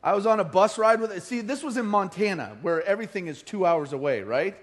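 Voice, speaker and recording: A male pastor preaching a sermon, telling stories with lively acted-out quotes. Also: sits high, brisk. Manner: animated storytelling, acting out quoted voices. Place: church hall.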